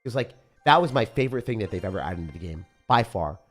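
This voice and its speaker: A man with a rough morning voice giving casual live commentary on a game he is playing, chatting and reading viewer comments aloud. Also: on the low side, expressive, fast talker, faint music behind. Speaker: game streamer.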